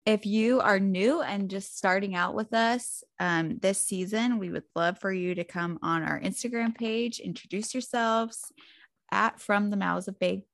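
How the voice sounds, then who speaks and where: A woman in her thirties co-hosting a podcast, telling family stories in relaxed casual chat. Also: medium pitch, a little slow, no room sound, clean studio sound. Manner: relaxed storytelling with fillers and laughs. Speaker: podcast co-host.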